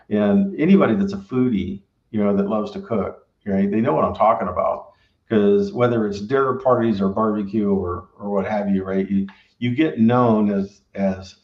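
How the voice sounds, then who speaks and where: A man who owns a barbecue restaurant gives rambling, casual advice and keeps tagging his sentences with "right?". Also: on the low side. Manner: rambling, filler-heavy, keeps asking "right?". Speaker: restaurant owner and pitmaster. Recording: roomy, dull lo-fi sound.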